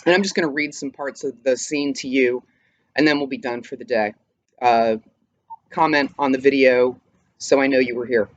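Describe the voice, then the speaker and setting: A man teaching high school English by home video, talking casually with fillers and a little out of breath. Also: no room sound, poor audio. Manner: relaxed, halting with fillers. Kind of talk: casual class update and reading aloud.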